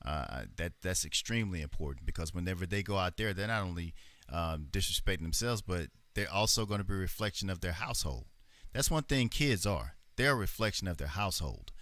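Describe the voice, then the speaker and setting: A man in a casual panel discussion, agreeable and measured, with frequent fillers like "uh" and "um". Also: low voice, lively intonation, fairly bright tone, dry recording.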